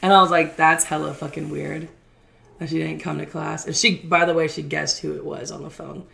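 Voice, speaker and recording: A young woman co-hosting a podcast, telling a story in a casual, animated and profane way while acting out what people said. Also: low-pitched, fairly quick, vocal fry. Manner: animated, profane, acts out quotes. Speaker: podcast co-host.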